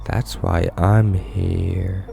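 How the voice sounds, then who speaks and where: Creepy pale old visitor, deep and drawn-out, a man voicing him, game commentary reading. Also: fairly even intonation, gravelly, warm tone, breathy edge, faint music behind, full character voice. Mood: ominous. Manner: slow, low, ominous questioning. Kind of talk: video game voice acting.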